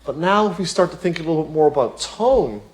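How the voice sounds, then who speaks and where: A man teaching piano in a relaxed tutorial, talking chattily, with many "you know" asides and rhetorical questions. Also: fairly high pitch, fairly quick. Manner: explains with everyday examples. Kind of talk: casual spoken tutorial.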